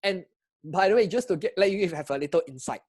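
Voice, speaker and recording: A man with a Singaporean English accent, telling a travel story to camera in an excitable, chatty way and asking his viewers questions. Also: high voice, quick pace, slightly rough. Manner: excitable, chatty, asks viewers questions, frequent laughs and restarts. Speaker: travel vlogger. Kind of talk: animated personal storytelling to camera.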